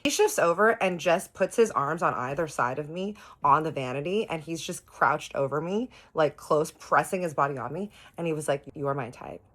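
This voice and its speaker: A woman with a low, deep-set voice recounts a personal story for her viewers. She talks chattily and keeps turning to her audience directly. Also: expressive, moderate pace, hardly any pauses, a bit bright. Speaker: storytime host. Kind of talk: storytime vlog.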